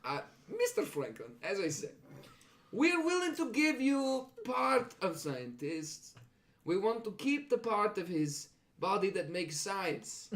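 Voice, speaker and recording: High, lively man playing in broken English. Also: slow pace. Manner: put-on broken English, blunt and gleeful. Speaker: player. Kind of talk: in-character tabletop role-play.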